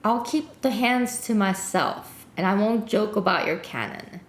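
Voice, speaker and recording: A woman's voice: medium pitch, lively intonation, a little slow, roomy sound, slight background noise. A woman streamer chatting playfully with an AI, teasing it. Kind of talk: casual chat with an AI on stream.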